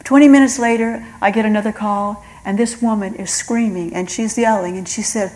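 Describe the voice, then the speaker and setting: A woman's voice: medium pitch, fairly even intonation, brisk, hardly any pauses, a little mellow, poor audio. A middle-aged woman giving an earnest spoken testimony, telling her story and acting out the voices of God and of callers. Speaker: testimony speaker.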